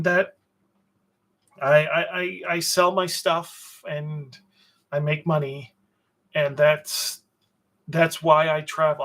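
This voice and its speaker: Gravelly sardonic man on a livestream. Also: fairly high pitch, fairly bright tone. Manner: sardonic, swears, trails off with fillers. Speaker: publisher hosting a livestream. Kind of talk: rambling livestream chat answering viewers.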